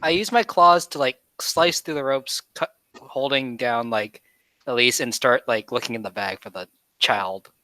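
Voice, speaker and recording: Bright, dry-sounding man playing a tabletop game. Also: mid-range voice, normal speed, dry recording. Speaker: player. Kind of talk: casual tabletop game play.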